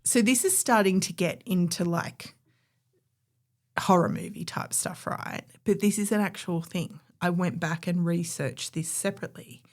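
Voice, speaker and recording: A woman's voice: on the low side, moderate pace. A woman, co-hosting a podcast and telling a history story in a chatty, opinionated way. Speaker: podcast co-host. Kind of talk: casual storytelling chat.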